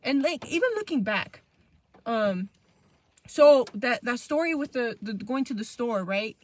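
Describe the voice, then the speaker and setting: A woman's voice: fairly high pitch, lively intonation, a little slow. A woman in her twenties, co-hosting a podcast and telling candid, profane stories from her youth in casual chat. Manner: candid storytelling, loose and profane. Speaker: podcast co-host.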